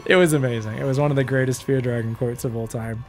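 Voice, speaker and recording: A man casting a live strategy game match with excitable, casual play-by-play that swings between hype and relaxed chat with viewers. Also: medium pitch, fast, soft background music. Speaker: esports caster.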